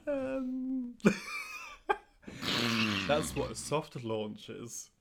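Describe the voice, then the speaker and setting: Podcast co-host, man, mid-pitched and very lively, giggly and rambling. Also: normal speed, heavy background noise. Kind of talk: casual chat.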